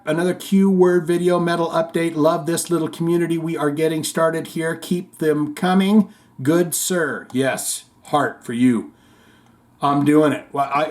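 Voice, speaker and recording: Lively, jokey man hosting a metal show. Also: fairly high pitch. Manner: lively, jokey, swears casually. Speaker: host. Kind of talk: casual chat reading viewer comments.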